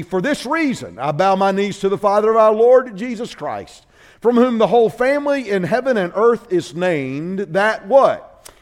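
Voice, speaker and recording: A man delivers a sermon in church. He speaks in a high voice and tells his stories with animated character voices, his pitch climbing as the tale builds. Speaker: guest preacher. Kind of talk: sermon with a comic story.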